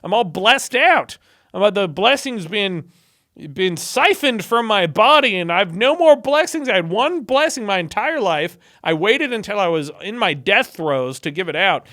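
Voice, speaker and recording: A man's voice: sits high, very animated, measured pace, pushed and bright, full character voice. A man voicing a frail, blind, ancient old man who makes fretful, whiny excuses. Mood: flustered.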